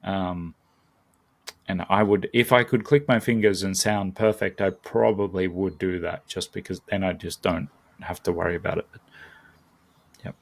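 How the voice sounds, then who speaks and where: A man's voice: low voice, steady tone, normal speed, vocal fry. A man, a guest in a casual conversation, talking thoughtfully with frequent ums and restarts. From Australia. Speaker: guest, language learner and YouTuber.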